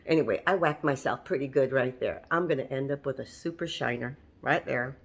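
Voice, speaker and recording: In her home kitchen, a woman with a very deep voice hosts a cooking channel, talking briskly with hardly a pause. She walks through a recipe step by step in a chatty, homey manner, often laughing at herself.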